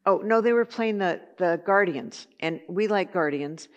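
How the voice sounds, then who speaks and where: A woman's voice: fairly low pitch, measured pace, lo-fi sound. A woman teaching a Bible study lesson in a conversational way, with chatty asides and filler words.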